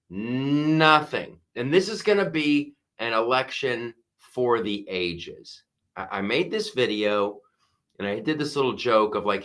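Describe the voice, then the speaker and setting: A middle-aged man hosting a live-stream podcast, talking in an animated, mocking way and laughing often. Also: mid-range voice. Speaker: podcast host. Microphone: wearing a strapped headset or mic.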